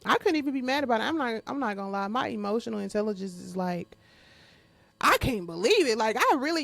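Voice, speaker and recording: A woman's voice: fairly high pitch, expressive, normal speed, creaky, dry recording. A woman hosting her podcast in a casual monologue. She talks bluntly with lots of profanity, speaks straight to her listeners and often laughs while venting. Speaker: podcast host.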